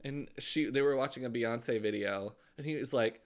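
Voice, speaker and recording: A man's voice: mid-range voice, normal speed, clean tone. A man co-hosting a podcast in casual chat, with dry, snarky and crude humor. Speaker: podcast co-host.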